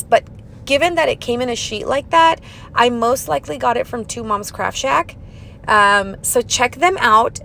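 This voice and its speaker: A young woman hosting a crafting tutorial in a chatty voiceover, talking fast and bubbly with silly sing-song asides. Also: fairly high pitch, fairly bright tone, slight background noise.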